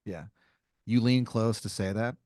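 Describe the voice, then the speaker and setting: A man's voice: lowish voice, a little slow, darkish tone, dry recording, clean studio sound. A man hosting an improv podcast, narrating a made-up scene in second person with casual fillers. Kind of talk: improvised storytelling, game-master style.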